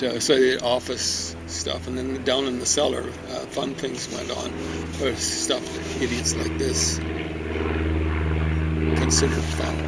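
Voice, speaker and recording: A man's voice: mid-range voice, gravelly, heavy background noise. A man giving a casual, rambling book review outdoors in a garden, musing aloud with many fillers and asides.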